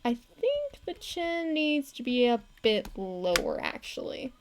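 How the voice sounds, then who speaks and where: A woman's voice: a little high, wildly swooping pitch, slow pace, slight background noise. A woman chatting casually on a live stream while she animates, rambling and laughing often. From not from Texas. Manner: rambling, giggly, laughs often, many restarts. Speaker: animator streaming her work.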